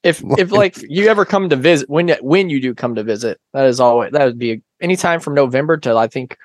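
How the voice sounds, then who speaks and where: A man's voice: mid-range voice, animated, fast talker, dry recording. A man chatting as a returning guest on a podcast, telling stories with dry, teasing humor. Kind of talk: casual podcast chat.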